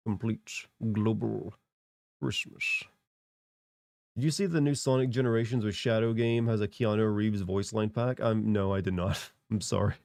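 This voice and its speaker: A man's voice: lowish voice, mellow, dry recording, studio quality. Congested man chatting on stream. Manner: rambling, answers chat with fillers. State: congested from a cold. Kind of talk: casual live-stream chat.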